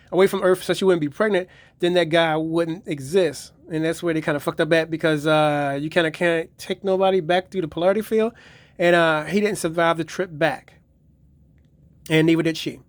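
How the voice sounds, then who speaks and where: Brief: man, higher voice, rambling and profane, dry close mic. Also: fairly even intonation, moderate pace, no room sound. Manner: profane, rambling retelling of episodes. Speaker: collector reviewing his DVD collection. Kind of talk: casual video review.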